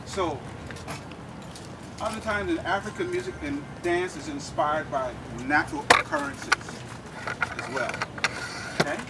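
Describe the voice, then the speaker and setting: A man with a fairly high voice leads a drumming lesson, explaining each idea to the crowd and checking in with a quick "okay?" The mic sits well away from him. Outdoor noise stays clearly present behind him. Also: recorded from a distance. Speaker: drum instructor. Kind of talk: lecture-demonstration. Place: outdoor campus event.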